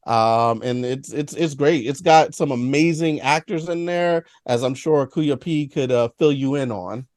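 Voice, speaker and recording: A man co-hosting a casual film review, speaking haltingly with many fillers. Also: a little high, a little mellow, no echo, studio quality. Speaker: podcast co-host.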